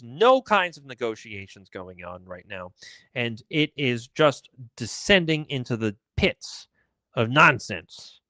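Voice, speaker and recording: A man's voice: mid-range voice, a bit bright, no room sound. A man hosting a political commentary live stream, ranting in a sarcastic, indignant way.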